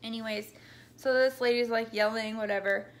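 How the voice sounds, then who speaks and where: A woman's voice: a little high, fairly even intonation, normal speed. A young woman telling her birth story in a casual, rambling way, with many ums and likes, at times tearful. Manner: rambling, full of ums and likes, backtracks often. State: tearful, voice breaking.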